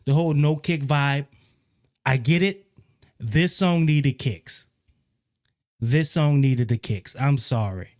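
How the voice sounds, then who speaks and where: A man giving a casual, opinionated spoken album review, often repeating himself and growing animated when he criticizes. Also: medium pitch, slow, long pauses. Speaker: music reviewer.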